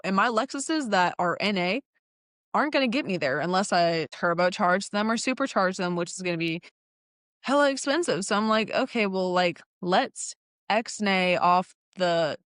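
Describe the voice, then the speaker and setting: A young woman in mid-story, chatty and animated, with laughs that keep breaking in. She acts out what each person said as she tells it. Her voice sits at an ordinary middle pitch and sounds close and dry, with no room around it. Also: normal speed, no echo. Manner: animated, laughs often, acts out quoted lines. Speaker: guest telling her car story. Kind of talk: casual storytelling chat.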